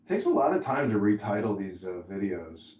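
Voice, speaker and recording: A man hosting a podcast in a casual chat, an animated storyteller who swears freely. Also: fairly low pitch, a little fast. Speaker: podcast host. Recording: roomy, distant mic.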